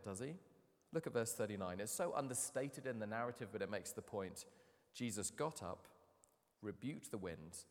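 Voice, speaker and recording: A man in his thirties preaching a sermon, telling the story with animated, dramatic swings from loud to hushed. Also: mid-range voice. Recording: long hall reverb.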